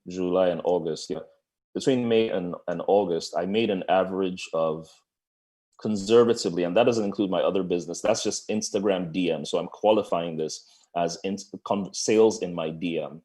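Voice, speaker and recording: A man speaking as a business coach in a webinar over a video call, with a lively, conversational delivery and playful asides. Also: low voice. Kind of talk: webinar presentation.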